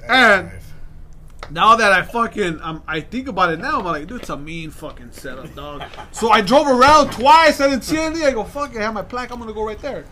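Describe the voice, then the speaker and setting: A man's voice: high-pitched, expressive, fairly quick, sharp tone. A young man in casual chat with friends, telling a story in heavy profane slang and calling them dog and bro.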